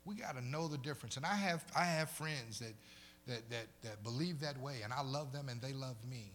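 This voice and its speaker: A male pastor preaching a sermon, moving between loud preaching and soft conversational storytelling and repeating phrases for emphasis. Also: medium pitch, a little fast, slight background noise. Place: church.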